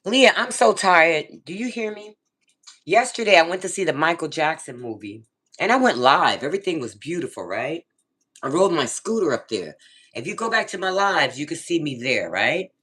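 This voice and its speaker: A middle-aged woman telling a story casually in her vlog, animated and swearing freely as she talks straight to her viewers and a friend. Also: low-pitched, normal speed, breathy edge. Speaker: vlogger.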